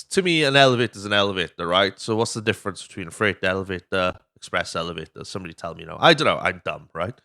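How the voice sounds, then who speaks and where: This Welsh podcast host offers a casual, rambling recap of a film, cursing freely and acting out lines as he goes. His voice sits low and sounds bright and forceful.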